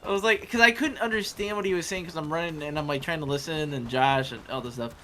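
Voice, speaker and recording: A man's voice: on the high side, fast, bright, forceful tone, a little hiss or hum. A man chatting casually with friends while gaming, telling a rambling story with laughs and restarts. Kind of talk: casual chat while playing.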